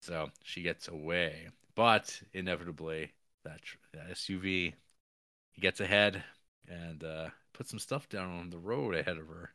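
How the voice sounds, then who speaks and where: A man's voice: low voice, moderate pace, pushed and bright, no echo, clean studio sound. A man co-hosting a podcast, recapping a film in a rambling casual way with frequent chuckles. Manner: rambling, chuckles often, many fillers. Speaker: podcast co-host.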